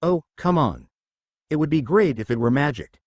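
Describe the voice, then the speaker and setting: A man's voice: fairly high pitch, lively intonation, normal speed, husky, no room sound, clean studio sound. A man voicing a cheeky, informal young male ninja in a storybook reading.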